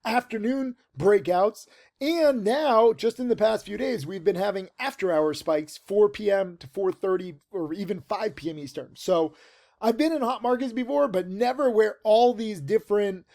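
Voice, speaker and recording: A man in his forties teaches trading in a casual video monologue recorded in a tent outdoors. His high-pitched voice is animated, creaky, and a little mellow at a moderate pace, and his delivery is rambling, emphatic, and full of fillers.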